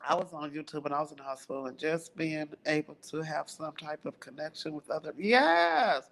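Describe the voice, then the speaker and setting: A woman's voice: sits low, brisk, gravelly. Chatty older woman who laughs a lot. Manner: laughs often, animated storytelling with lively quoted voices. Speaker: livestream host. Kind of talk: casual chat with viewers.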